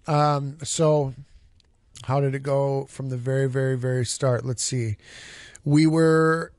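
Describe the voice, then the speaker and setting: A man's voice: medium pitch, steady tone, slow, darkish tone, no echo. Rambling, cursing male band singer. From Canada. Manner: rambling storyteller, swears freely, restarts sentences. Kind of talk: casual interview answers.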